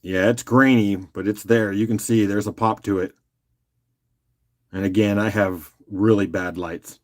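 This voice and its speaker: A man hosting a casual live-stream rock auction, joking and chatting with viewers by name in a loose, unhurried way. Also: on the low side, steady tone. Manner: loose and unhurried, with fillers and restarts while doing other tasks.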